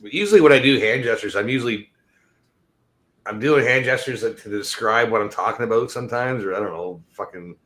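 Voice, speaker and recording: A man's voice: on the low side, a little fast, fairly bright tone. A man co-hosting a casual stream chat, swearing often and rambling in loose sentences. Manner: profane, rambling, trails off. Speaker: stream co-host.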